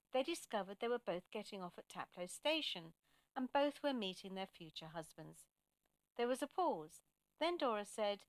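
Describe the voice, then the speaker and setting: A woman reading a story aloud in a gentle, measured narration. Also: fairly high pitch, no room sound.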